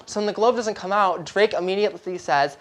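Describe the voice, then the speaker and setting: A woman's voice: medium pitch, a little fast. Chatty woman host dishing celebrity gossip. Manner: chatty, rambling, keeps asking the audience to clap. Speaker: show host. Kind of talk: celebrity gossip segment to a live audience.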